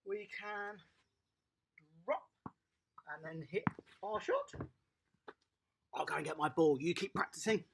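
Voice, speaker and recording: A children's tennis coach, giving a lively, encouraging home lesson and praising the young players outdoors in a garden. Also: medium pitch, slow, vocal fry, long pauses, slight background noise.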